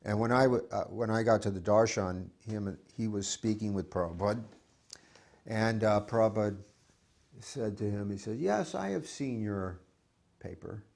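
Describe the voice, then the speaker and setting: A man's voice: on the low side, fairly even intonation, normal speed, a little mellow. A man reminiscing in an interview, reflective and hesitant, often restarting his sentences. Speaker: devotee recalling memories.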